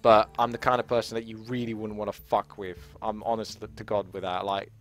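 A man's voice: lowish voice, fairly even intonation, brisk, soft background music. A man vlogging about fitness, telling a story in a rambling, candid way and swearing freely. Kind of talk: casual storytelling vlog.

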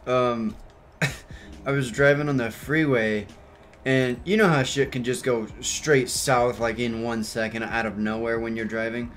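A young man chatting casually over gameplay, telling a story full of swearing and fillers, and getting loud and worked up at the game. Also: medium pitch, steady tone, measured pace, slight background noise. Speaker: gaming YouTuber.

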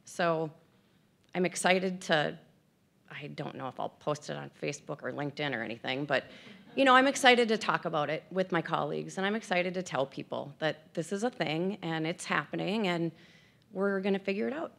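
A woman in her fifties speaks frankly and with self-deprecating humor in personal remarks at an event. Her voice sits a little low, with a gravelly texture. She is tearful and emotional as she talks. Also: animated, moderate pace, a bit bright. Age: 50s.

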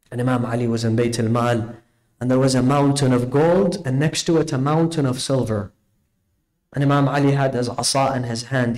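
A man's voice: mid-range voice, a little mellow, rough recording. A man preaching a Ramadan night sermon, impassioned and rhetorical, acting out the dialogue in his stories.

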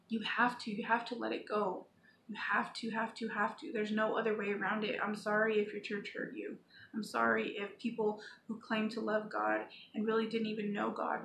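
At a moderate pace and with fairly even intonation, a female Christian vlogger delivers an informal, earnest and pleading devotional, sometimes reading scripture aloud. Her medium-pitched voice is a bit bright with vocal fry, and the echoey room carries faint background noise.

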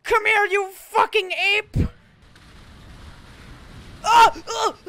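A woman doing gameplay commentary, swearing freely and slipping into melodramatic mock-heroic monologues with bursts of yelling. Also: very high voice, fairly even intonation, extremely slow, slight background noise. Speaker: gamer.

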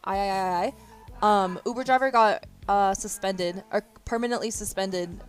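A woman's voice: mid-range voice, normal speed, soft background music. A young woman livestreamer chatting casually, telling stories with frequent laughter, fillers, and restarts. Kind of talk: casual chat storytelling.

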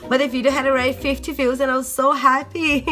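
Chatty tired young mom vlogger. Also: female voice, high voice, flat delivery, quick pace, pushed and bright. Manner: chatty, addresses viewers as guys. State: sick and tired. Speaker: vlogger, stay-at-home mom. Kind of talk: casual vlog chat. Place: home, indoors.

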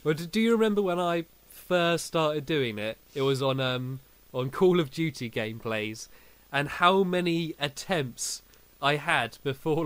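A man's voice: on the high side, a bit bright, no room sound. A young man hosting a casual podcast, telling stories animatedly and laughing often. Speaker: podcast host. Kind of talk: casual chat.

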